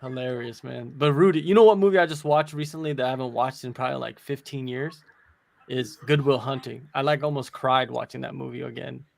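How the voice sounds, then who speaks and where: A man in his forties co-hosting a casual fight watch-along, animated and opinionated, laughing often. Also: medium pitch, fairly quick, creaky. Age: 40s. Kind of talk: casual chat.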